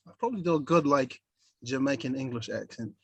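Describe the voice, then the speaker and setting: Husky, sweary guest from New Zealand. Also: male voice, medium pitch, a little fast. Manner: laid-back, sweary, laughing often. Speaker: guest, voice actor and musician. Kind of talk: casual interview chat.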